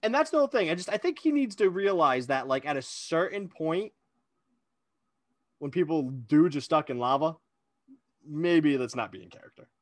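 A man's voice: a little high, expressive, moderate pace, no room sound, clean studio sound. A man co-hosting a casual chat, telling a long self-deprecating story with lots of energy. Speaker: podcast co-host.

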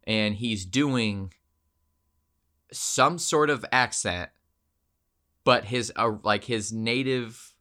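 A man's voice: on the low side, drawn-out words, pauses often. A man hosting a podcast, telling a funny story and acting out the voices in it. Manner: animated, acts out every voice in the story. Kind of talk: comic storytelling.

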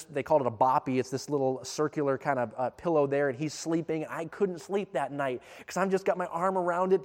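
Animated man preaching in a reverberant hall. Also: on the high side. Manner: animated, emphatic storytelling with rising intensity. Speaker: speaker. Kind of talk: sermon storytelling.

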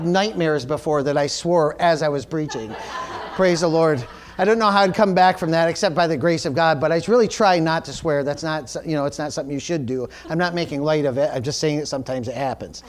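A male pastor in the middle of a sermon, telling a story about himself with candor and a self-deprecating streak. His voice sits a little higher than most men's. He preaches to a church congregation. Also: fairly quick. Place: church service.

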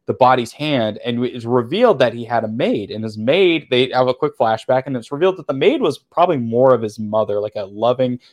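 A man co-hosts a casual film review podcast at a mid pitch. He rambles through plot recaps with many restarts and quoted lines. He speaks into a close podcast mic. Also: lively intonation, brisk, few pauses, a little mellow. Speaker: podcast co-host. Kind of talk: casual movie review chat.

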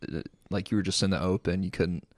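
A man, a military veteran, recalling combat in a relaxed, chatty podcast conversation. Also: deep voice, brisk, dry recording, studio quality. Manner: relaxed, chatty retelling with friendly asides. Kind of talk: casual storytelling conversation.

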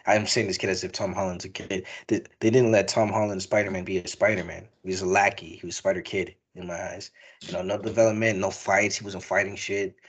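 Young male podcast host, low-pitched, loose and rambling, swears freely. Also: level tone, brisk, slightly rough. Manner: rambling, profane, emotional. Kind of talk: casual movie review chat.

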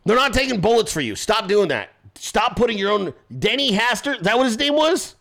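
Fiery high-voiced ranting male host. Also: sing-song, fairly quick, vocal fry, a bit bright. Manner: profane, confrontational ranting; mocks people with quoted voices. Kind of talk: political commentary rant.

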